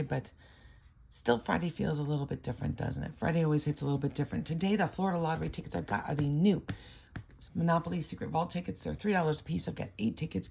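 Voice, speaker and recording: A woman's voice: low-pitched, a little mellow. An older woman hosting a casual lottery-ticket vlog, chatting and rambling through a story. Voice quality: gravelly, husky voice.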